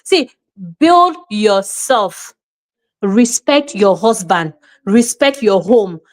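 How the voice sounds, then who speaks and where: A woman with a Nigerian accent, hosting an opinionated commentary and lecturing forcefully, mixing in Pidgin and acting out little scenes in quoted voices. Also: mid-range voice, expressive, drawn-out words. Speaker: show host.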